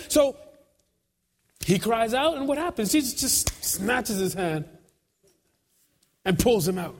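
A man preaching a sermon, speaking in slow, broken phrases with dramatic pauses, swinging between quiet prayer and shouted peaks, with frequent conversational asides to the congregation. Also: very high-pitched, sing-song. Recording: long hall reverb.

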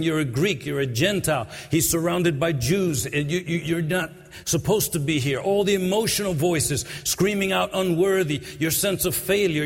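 A man preaching a sermon in a church. He moves from quiet, low passages to sung-out, shouted climaxes. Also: husky, big-room sound.

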